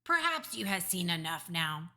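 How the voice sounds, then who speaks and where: A woman's voice: lowish voice, big pitch swings, normal speed, bright, forceful tone, exaggerated voice. A woman voicing a big, friendly male giant who mangles his grammar and invents words, in an audiobook reading. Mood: cheerful. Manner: jumbled made-up words and broken grammar. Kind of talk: audiobook character voice.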